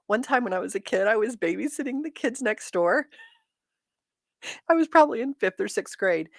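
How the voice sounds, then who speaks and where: A woman's voice: on the low side, no echo, studio quality. A woman in her fifties from Michigan, hosting a casual livestream, reading viewer comments and telling childhood stories, laughing often. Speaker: livestream host reading chat. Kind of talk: casual chat.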